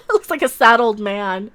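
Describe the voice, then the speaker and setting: A woman's voice: on the high side, a bit bright. A woman hosting a live-stream commentary, sarcastic and mocking, laughing often as she reacts to her chat. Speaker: online commentary host.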